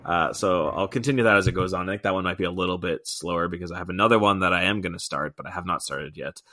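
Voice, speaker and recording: An easygoing young man talking casually as a podcast co-host, with a somewhat low voice. He chats along freely, adding quick asides. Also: sharp tone. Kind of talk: casual chat.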